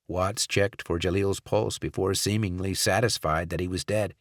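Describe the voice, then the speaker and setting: A man narrating a thriller audiobook in a measured, steady scripted read. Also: sits low, no room sound, clean studio sound.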